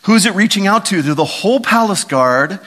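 Pastor type, middle-aged man, slightly high voice, preaches with lively storytelling swings. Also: a little fast. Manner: animated, storytelling, lively emphasis and dramatic vocal swings. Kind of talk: sermon.

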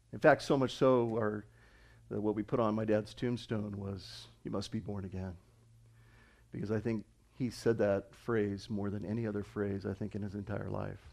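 A middle-aged man preaching a sermon, moving between quiet, reflective passages and loud, emphatic preaching. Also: mid-range voice. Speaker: pastor.

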